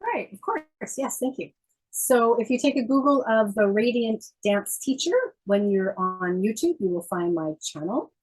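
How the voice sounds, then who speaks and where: A woman's voice: mid-range voice, a little mellow, breathy edge, rough recording. A woman who teaches dance, a guest telling stories in a casual chat and laughing often.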